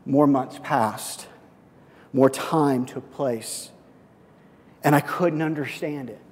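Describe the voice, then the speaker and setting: A man preaching a sermon, telling a personal story and slipping into excited, quoted voices. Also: medium pitch, slow pace, big-room sound. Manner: storytelling with lively swings into excited quoted speech. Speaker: pastor.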